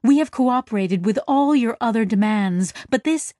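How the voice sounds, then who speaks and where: A woman voicing a calm, diplomatic female translator aboard a ship. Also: a little high, normal speed, no echo, clean studio sound, natural voice.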